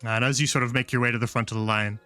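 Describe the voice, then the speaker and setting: A man's voice: medium pitch, steady tone, very fast, sharp tone, soft background music. Rambling male game master. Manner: rambling, full of fillers. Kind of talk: narrating a tabletop game.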